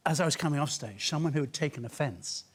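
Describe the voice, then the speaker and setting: A man's voice: fairly high pitch, fast, slightly rough. Dry older man telling anecdotes. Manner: dry, self-deprecating teller. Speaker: guest. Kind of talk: chat show anecdote.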